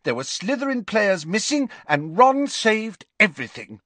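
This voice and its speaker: This is a shrill, earnest teenage girl pushing her point in an audiobook scene, voiced by a man. Her voice sits high above the reader's own and comes across dry and close. She rises and falls a lot as she scolds. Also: sing-song, normal speed, pushed and bright, dry recording, exaggerated voice. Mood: reproachful.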